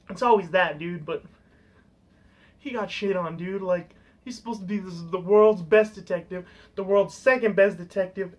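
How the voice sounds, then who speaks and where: A young man ranting casually on camera, rambling and swearing, saying "dude" constantly. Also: sits high. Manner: profane, rambling, full of "dude". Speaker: vlogger. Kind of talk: casual rant.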